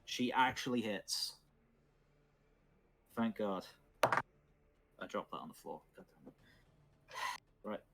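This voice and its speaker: A man acting as dungeon master, calmly narrating dice rolls and the action of a tabletop game. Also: lowish voice, slow pace, gravelly, pauses often, very noisy.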